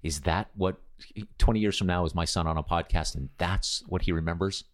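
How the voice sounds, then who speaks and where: A man's voice: low voice, steady tone, brisk. A middle-aged man talking thoughtfully on a podcast, often hesitating and restarting his sentences. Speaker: podcast host. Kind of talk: casual conversation.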